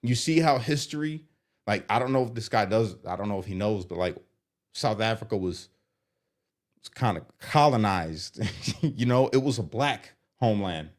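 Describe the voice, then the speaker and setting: A man doing live commentary on viewer comments, animated and exasperated as he reads them aloud. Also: on the low side, moderate pace. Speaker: streamer reacting to comments.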